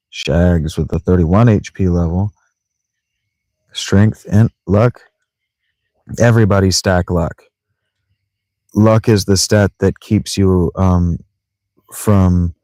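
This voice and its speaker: A let's play streamer with a low, darkish voice, recorded dry, comments casually on his game from a sleeping bag in a tent. He rambles, jokes to himself and mispronounces words on purpose.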